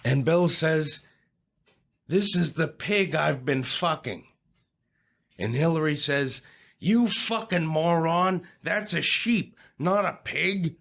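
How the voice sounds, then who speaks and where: A man's voice: a little high, slow pace, gravelly, fairly bright tone, exaggerated voice. A man playing a boastful older male president who tells crude jokes in a rambling, repetitive way. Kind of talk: comedic impression in an audio play.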